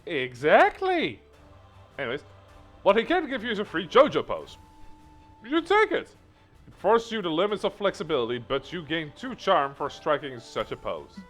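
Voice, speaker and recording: Lively man game master. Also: on the high side, normal speed, soft background music. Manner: playful teasing narration. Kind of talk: narrating a tabletop game on a live stream.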